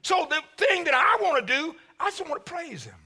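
A man preaching a sermon as pastor, with a preaching cadence that swells to shouts and drops low. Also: sing-song, a little fast.

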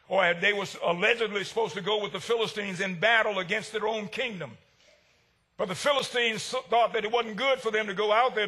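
A male pastor preaching a sermon, swinging between shouted lines and hushed ones. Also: high-pitched.

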